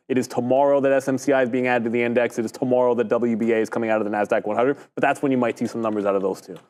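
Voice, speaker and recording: A man co-hosting a live trading stream, giving blunt, matter-of-fact market commentary. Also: medium pitch.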